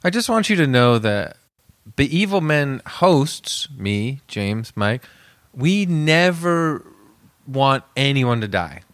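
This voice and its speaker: A man co-hosting a casual comedy podcast, making quick jokes and interjections, recorded in an office warehouse room. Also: medium pitch, big pitch swings, a bit bright, dry recording. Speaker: podcast co-host.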